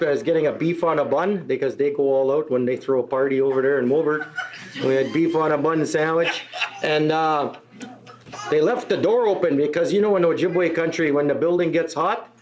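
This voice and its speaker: Man, stand-up comedian, raised pitch, rambling self-deprecating stories, stage mic. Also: poor audio. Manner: storytelling with tag questions and asides, self-deprecating. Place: indoor venue with live audience. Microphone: stage microphone on a stand.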